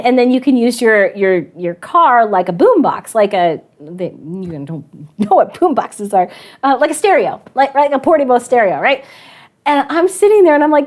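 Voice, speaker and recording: A woman teacher telling a funny personal story to students, chatty and animated with frequent laughter. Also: fairly high pitch. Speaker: math and science teacher. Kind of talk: storytelling to students in an online class.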